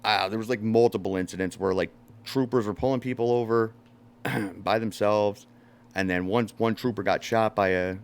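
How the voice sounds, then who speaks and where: A man tells a long story in a loose, casual chat. He swears freely and jumps up loudly when he acts out what people said to him. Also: fairly low pitch, steady tone, normal speed, smooth. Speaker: podcast host.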